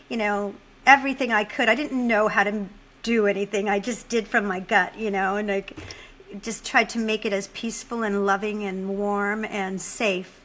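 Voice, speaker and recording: A woman's voice: fairly high pitch, fairly bright tone, poor audio. A middle-aged woman hosting a podcast, talking in an earnest, heartfelt way and openly emotional. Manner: emotional, earnest, speaks from the gut. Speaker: podcast host. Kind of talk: casual heartfelt conversation.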